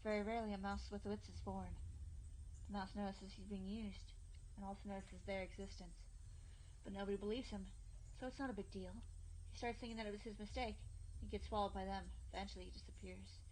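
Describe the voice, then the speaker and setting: Woman, middle pitch, dramatic horror narrator; intense first-person delivery with anxious peaks. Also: steady tone, brisk, darkish tone, a little hiss or hum, rough recording. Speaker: reader. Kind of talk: dramatic reading of a horror visual novel.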